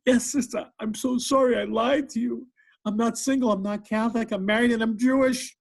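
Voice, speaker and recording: A man's voice: fairly even intonation, brisk, vocal fry, heavily acted. A man voicing a guilt-stricken man confessing through tears in a joke. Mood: tearful. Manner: high, tearful confessing.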